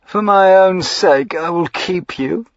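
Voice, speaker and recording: A cold, mocking duke from a period storybook, played by a male reader, purring his words softly and without hurry, at times sinking to a whisper. The sound is dry and muffled on a dull lo-fi recording. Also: fairly low pitch, lively intonation, slow pace, slightly rough, no room sound, voice pushed up, heavily acted. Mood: menacing. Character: sinister aristocratic duke, cold, predatory, mocking.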